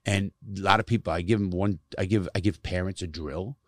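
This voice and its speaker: A man's voice: sits low, a little fast, no echo, clean studio sound. A middle-aged man telling stories from his life in casual conversation, blunt and emphatic, cursing often to stress his points. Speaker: guest, former prisoner who speaks to youth.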